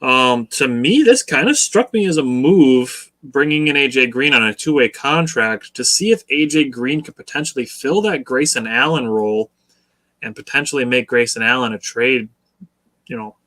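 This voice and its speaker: A man with a bright, slightly tense voice co-hosts a casual sports talk show. He explains things in a measured, patient way and nudges his listeners toward a level-headed view. His delivery stays conversational. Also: mid-range voice. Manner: measured, explanatory, coaching listeners to stay even keel. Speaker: podcast co-host.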